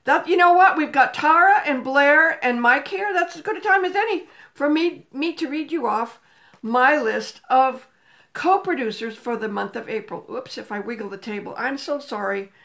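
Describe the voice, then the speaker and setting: An older woman hosts a casual livestream from a room at home, chatting and greeting viewers by name into a phone camera set on a table. Her voice is high-pitched and fairly bright, at a moderate pace.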